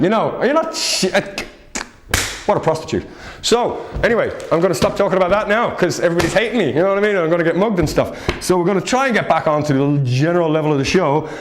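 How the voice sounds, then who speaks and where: Rambling jokey male show host. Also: a little high. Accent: Northern English. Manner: rambling, jokey, self-mocking. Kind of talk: comedic news roundup.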